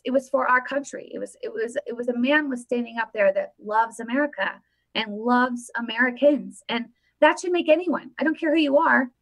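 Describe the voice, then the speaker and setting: A woman with a voice pitched a little high hosts a casual live stream about politics. She talks in an animated, emphatic way and keeps repeating her points for effect. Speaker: political commentary vlogger.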